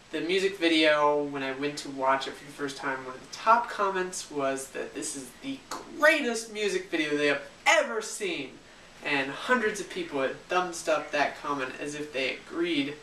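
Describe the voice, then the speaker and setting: A sarcastic video reviewer who retells a music video in an animated, mocking way, and whose voice comes across bright and sharp. The recording is roomy and echoey, with the mic set some distance away and a faint hiss underneath. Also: mid-range voice.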